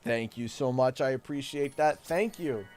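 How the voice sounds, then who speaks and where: A man's voice: medium pitch, moderate pace, faint music behind. A young man casually chatting on a gaming livestream, reading out donations and laughing often. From Canada. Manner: animated, laughs a lot, reads donations aloud. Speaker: livestream host.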